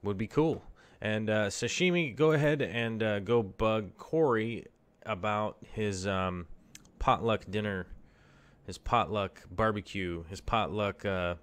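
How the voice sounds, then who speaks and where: A man's voice: on the low side, takes it slowly. A man casually hosting a live stream, rambling in a laid-back way with lots of fillers.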